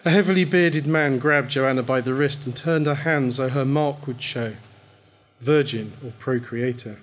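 A man reading his own short story aloud at a live event, in a measured storytelling manner. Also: medium pitch, a little hiss or hum.

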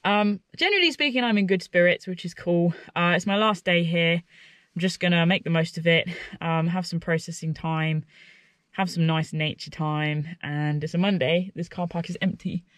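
A woman chatting casually to camera as a hiking vlogger outdoors by a lake, self-mocking and quick to laugh. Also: fairly low pitch, a bit bright, no room sound.

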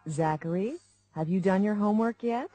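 A woman's voice: mid-range voice, normal speed, mellow, lightly acted. A woman playing a patient family mom. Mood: calm. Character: patient organized family mother. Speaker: mother in a textbook dialogue. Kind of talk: scripted textbook dialogue.

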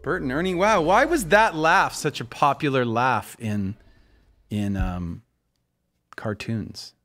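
Man in his 40s, game streamer, animated pitch, unhurried delivery, self-deprecating and foul-mouthed. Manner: chatty, self-mocking, swears often. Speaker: livestreamer playing a shooter game. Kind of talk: casual gameplay commentary. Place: home room.

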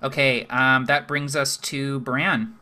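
Bright-voiced man running the game. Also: medium pitch, little pitch movement. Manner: descriptive, with filler pauses. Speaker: game master. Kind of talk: narrating a tabletop game.

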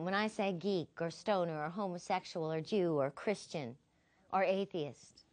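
A woman philosophy instructor giving a recorded lecture, telling stories expressively. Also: medium pitch. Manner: expressive, animated storyteller.

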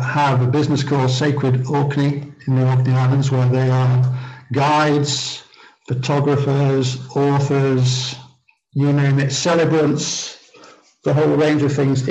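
A man hosting a conference, introducing the next speaker in a steady way with occasional fillers. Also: medium pitch, low-quality recording. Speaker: conference host.

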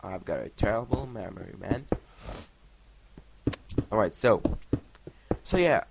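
Swearing a lot and quietly counting blocks, a young gaming vlogger wanders through a story as he plays. His fairly low, creaky voice is animated but a little slow. The recording comes from a noisy home mic.

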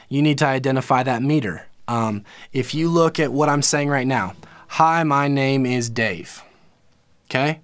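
A man's voice: medium pitch, dry recording, clean studio sound. A man teaching a live online music lesson, explaining in a casual way with plenty of fillers and restarts. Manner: casual, explanatory, lots of fillers and self-corrections.

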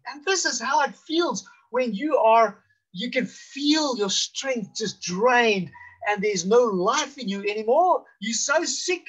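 A male pastor with a South African accent preaching slowly and deliberately, rising for emphasis and dropping to a hush. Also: very high voice, animated, slightly rough. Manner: slow, deliberate preaching with emphatic rises and hushed drops. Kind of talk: sermon.

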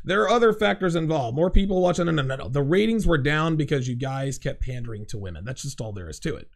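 A man hosting a livestream, reading out chat comments in blunt, profane, excitable casual talk. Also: fairly high pitch, fast talker, vocal fry.

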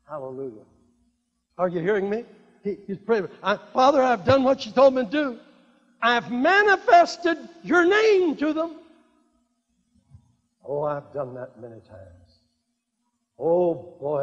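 An older man preaching a sermon, swinging between loud exclamations and hushed, drawn-out phrases. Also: mid-range voice. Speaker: evangelist preacher. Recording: dull lo-fi recording in a reverberant hall.

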